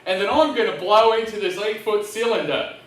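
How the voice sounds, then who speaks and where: A man's voice: sits high, fairly quick, a bit bright, recorded from a distance. A man voicing a laid-back Australian musician in a mock Australian accent. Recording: echoey room heard from afar.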